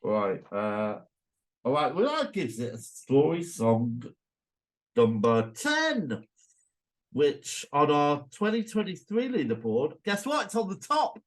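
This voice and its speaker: Lively man bantering on a podcast. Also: takes it slowly. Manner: animated, jumps high when arguing. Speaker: podcast co-host. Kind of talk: casual banter.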